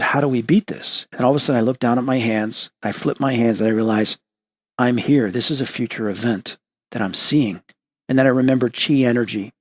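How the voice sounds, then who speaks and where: A man in the host's seat recounts a vivid vision at an earnest, personal pace. He acts out the voices of the people in his story as he tells it. His voice sits at an ordinary middle pitch. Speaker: host.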